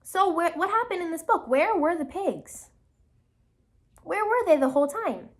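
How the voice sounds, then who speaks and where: Animated high-voiced woman teacher reading aloud. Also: measured pace. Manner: animated, dramatic storytelling with frequent questions. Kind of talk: reading a storybook aloud to a class and asking questions.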